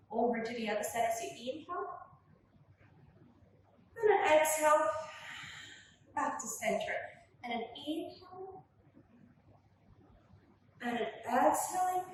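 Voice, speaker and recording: A woman with a high voice calmly leads a gentle pilates session, cueing each inhale and exhale. She sounds distant from the camera in a very echoey room, with a faint hiss behind her. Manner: gentle, calm cueing of breath and movement. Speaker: pilates instructor. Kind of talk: guided workout instruction. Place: room at home.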